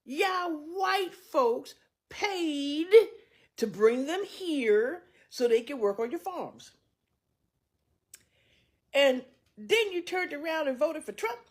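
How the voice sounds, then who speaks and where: A woman delivering an angry, mocking social media rant, profane and loud at times. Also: sits high, lively intonation, slow pace, pauses often.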